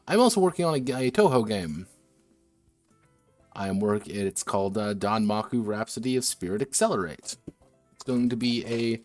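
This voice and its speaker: A tipsy man streams himself designing a tabletop game, thinking out loud with restarts and self-corrections. His speech is slightly slurred from drinking, and his voice sits on the low side.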